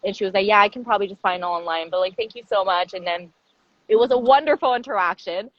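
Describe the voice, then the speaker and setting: A woman casually telling a story in a chatty, animated way, often laughing and using lots of "like" and restarts. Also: medium pitch, fast talker, lo-fi sound. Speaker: podcast co-host telling a story.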